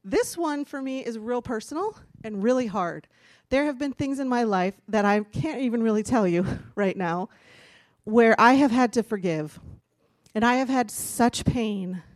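A woman's voice: on the high side, lively intonation, unhurried, no room sound, studio quality. A woman giving a candid, chatty personal testimony from a church stage, laughing now and then as she talks. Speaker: speaker giving a church talk.

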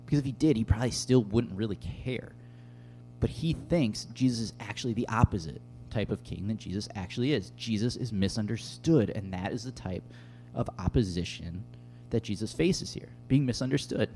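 Male pastor, easygoing sermon delivery, low and dark tone. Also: moderate pace, faint music behind. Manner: conversational, casual, with many fillers. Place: room with tables and an audience.

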